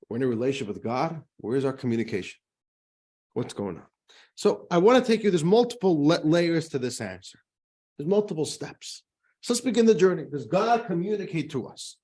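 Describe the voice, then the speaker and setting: A man, a rabbi, teaching a class in a conversational, animated way, chuckling as he tells jokes. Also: a little high. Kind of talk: lecture with jokes.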